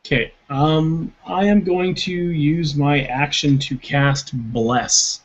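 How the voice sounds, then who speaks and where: A man's voice: fairly high pitch, steady tone, slow. A man playing a tabletop game, tentative and thinking aloud about his moves. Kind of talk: casual game chat. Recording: muffled lo-fi recording.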